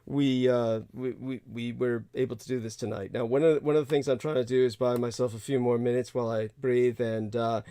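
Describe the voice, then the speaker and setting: Halting male livestream host, smooth dry voice. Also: mid-range voice, level tone, dark tone, dry recording. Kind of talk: casual livestream talk.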